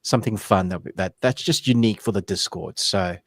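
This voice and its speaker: Man, low voice, casual livestream host, dry close mic. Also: a little fast, no echo. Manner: easygoing, rambling housekeeping announcements. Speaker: co-host of a film and anime review show.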